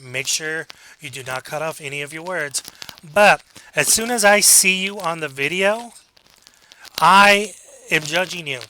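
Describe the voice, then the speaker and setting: A sharp, high-leaning male voice comes from a college speech instructor lecturing his class, coaching in a direct way and asking rhetorical questions. The lecture recording has slight background noise.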